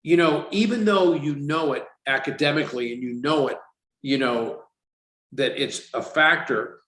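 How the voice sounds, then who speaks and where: A man's voice: a little high, normal speed. A man in his sixties, a company CEO guest on a casual podcast, telling stories and acting out the voices of the people he quotes. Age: 60s. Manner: animated storyteller, acts out quotes. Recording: roomy echo.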